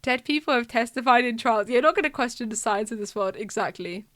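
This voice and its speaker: Bright-voiced excitable woman streamer. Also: a little high, brisk. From United Kingdom. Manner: excitable, laughs often, voices characters. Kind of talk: live game playthrough, reading dialogue aloud.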